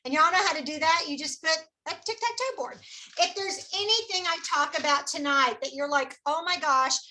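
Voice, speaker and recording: A woman beauty consultant gives an upbeat, folksy skincare presentation to a group of friends, drawing them in with questions. Her high-pitched voice is animated, brisk, pushed, and bright.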